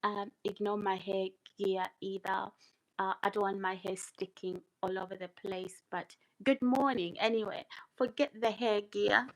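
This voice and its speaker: Slow-talking woman chatting on a live stream. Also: mid-range voice, fairly even intonation, rough recording. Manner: chatty, repeats greetings, reads out viewer comments. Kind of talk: casual live stream chat. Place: home, early morning.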